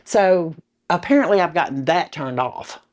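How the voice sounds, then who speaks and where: Woman, lowish voice, halting and vivid, keeps restarting her sentences. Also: lively intonation, darkish tone. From Arkansas, US. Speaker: interviewee. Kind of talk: recounting memories in an interview.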